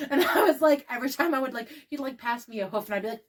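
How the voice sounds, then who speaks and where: Young woman, podcast co-host, slightly high voice; animated, laughing storyteller who swears freely. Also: fast. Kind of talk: casual storytelling chat.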